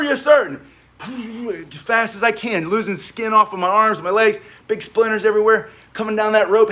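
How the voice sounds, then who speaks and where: High-voiced energetic male fitness coach. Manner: energetic, chatty, laughs while telling stories; coaching directions mid-exercise. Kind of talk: spoken workout instruction with war stories.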